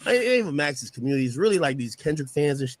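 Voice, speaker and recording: A man's voice: on the high side, sing-song, very fast, crowd noise. A man chatting casually in loose, slangy talk.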